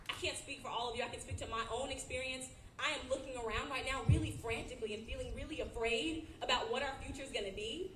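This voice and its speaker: A young woman in her twenties, a student leader, giving an emotional, earnest personal speech at an outdoor rally. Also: sits high. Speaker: student body president. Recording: echoey outdoor sound with background noise.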